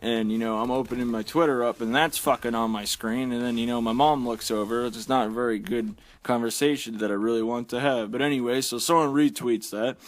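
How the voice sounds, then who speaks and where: A man's voice: medium pitch, fairly even intonation, brisk, few pauses. A man delivering a blunt, heavily profane, exasperated rant as a vlogger.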